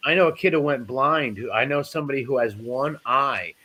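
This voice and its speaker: A man's voice: mid-range voice, fairly quick, bright, forceful tone. Rambling, chatty man telling stories. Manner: rambling storyteller with many fillers and restarts. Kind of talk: casual chat.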